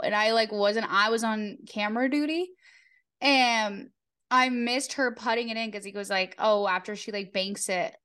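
A woman's voice: a little high, fairly bright tone. Chatty young woman saying "like" constantly. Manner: chatty, filler-heavy, lots of "like", swears casually. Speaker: podcast co-host. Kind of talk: casual chat.

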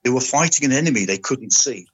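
An older man, a former soldier and police officer, recounting stories in a matter-of-fact, unhurried way as a podcast guest. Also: mid-range voice, expressive, husky. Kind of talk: casual storytelling. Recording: dull lo-fi audio.

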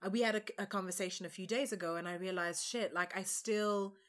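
A woman from Uganda co-hosting a casual podcast chat, her voice sitting at a middle pitch. She talks candidly and expressively, dropping the odd swear word without fuss. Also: steady tone, a little fast. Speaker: podcast co-host.

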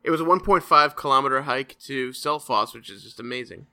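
Young male co-host, bright voice, chatty storyteller who swears. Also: mid-range voice, brisk. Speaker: podcast co-host. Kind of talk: casual chat.

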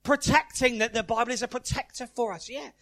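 Man, high voice, preacher, animated family sermon, playful, quizzes the congregation. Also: a little fast. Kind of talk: lively family-service sermon. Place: church service with congregation.

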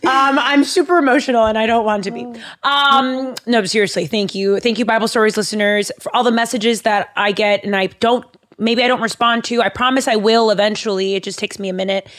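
A woman's voice: on the high side, steady tone, fairly quick, a bit bright. A woman hosting a podcast in casual chat, giggly and gushing, with many fillers, recorded in a studio. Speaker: podcast host. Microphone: studio microphone.

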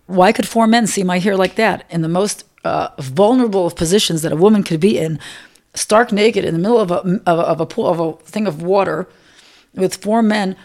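A middle-aged woman telling a personal story in a halting, emotional way, often repeating herself. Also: on the low side, a little mellow. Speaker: interviewee. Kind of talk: personal testimony.

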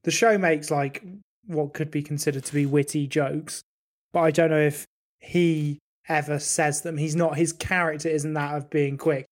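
A man's voice: on the high side, flat delivery, moderate pace. A man in casual podcast chat, rambling and hesitant, mocking himself. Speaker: podcast co-host.

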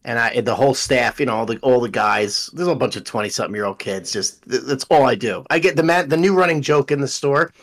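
Young adult male podcast co-host, animated and profane in casual sports banter. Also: medium pitch, fast, vocal fry, few pauses. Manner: animated storytelling, swears freely.

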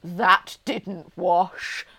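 A woman co-hosting a casual chat, telling a story with animated asides and frequent laughter. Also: lowish voice, very slow, husky.

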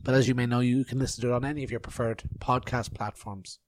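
A man's voice: medium pitch, fairly even intonation, fast. A man hosting a podcast, rambling and self-mocking in casual chat. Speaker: podcast host. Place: outdoor festival grounds in later part.

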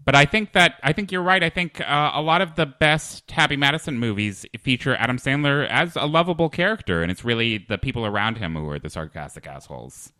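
Casting: male podcast host, bright and lively, dry close sound. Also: mid-range voice, a little fast, hardly any pauses, no room sound. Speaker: podcast host reading stage directions. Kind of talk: comedic script read-through.

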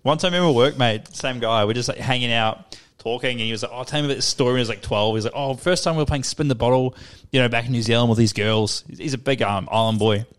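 Rapid-fire podcast co-host, a man full of slang and crude anecdotes, mid-pitched. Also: clear, resonant tone. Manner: rambling storyteller, heavy slang and swearing, laughs often. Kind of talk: casual crude chat.

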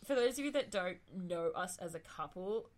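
A woman's voice: on the low side, expressive, normal speed. A woman hosting a podcast from bed at home, chatting casually with lots of giggling, swearing and playful teasing. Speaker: podcast host. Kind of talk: casual chat quiz.

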